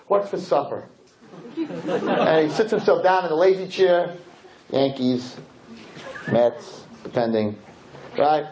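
A man giving a religious lecture to a live audience, animated and full of rhetorical questions and acted-out scenes. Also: on the high side, takes it slowly, long pauses, dull audio, some chatter behind.

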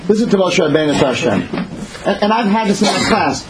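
A man in his fifties giving an animated Torah class, swinging between loud exclamations and hushed pleading. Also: medium pitch, moderate pace, background noise. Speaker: Torah teacher.

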